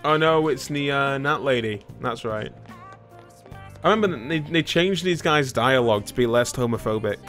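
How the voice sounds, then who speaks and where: A man's voice: medium pitch, normal speed, a bit bright, soft background music. A man streaming a video game, rambling and joking with his chat, with a British accent. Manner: rambling, self-mocking, talks to chat. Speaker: gaming streamer. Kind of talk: casual let's-play commentary.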